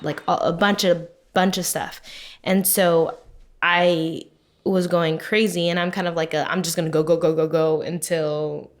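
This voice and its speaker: A woman in her thirties co-hosting a podcast, telling a personal story in casual chat full of fillers. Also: fairly low pitch. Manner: chatty storytelling, many fillers, laughs often. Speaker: podcast co-host.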